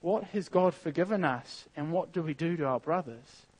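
A man's voice: fairly high pitch, animated, moderate pace, darkish tone, poor audio. A man preaching a sermon in an earnest, emphatic way, reading scripture aloud and repeating phrases as he builds a point.

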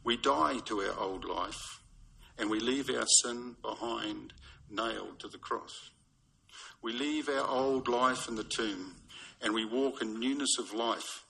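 A man preaching a sermon in a measured, storytelling way. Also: mid-range voice, creaky, sharp tone, breathy edge, low-quality recording. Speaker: pastor.

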